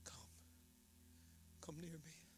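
A man preacher acting out a weeping man who reveals himself to his brothers, first ordering the room cleared, then speaking in choked whispers. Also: very high voice, expressive, moderate pace, sharp tone, a little hiss or hum, voice pushed up, full character voice. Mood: tearful hush.

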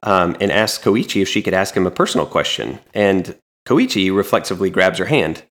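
A man co-hosting a podcast, casually recapping a comic in a relaxed, meandering way with frequent ums. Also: low-pitched, fairly quick. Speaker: podcast co-host.

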